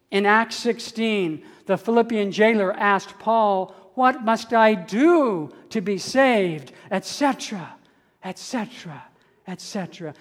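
An older man from Canada preaching a sermon, with measured delivery and slow emphatic stresses on key words. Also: extremely high pitch. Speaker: pastor. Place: church sanctuary. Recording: church hall with long reverb.

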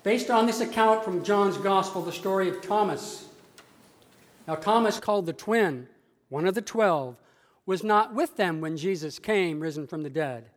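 Male pastor, story sermon, measured dramatic telling, high voice, long church reverb.

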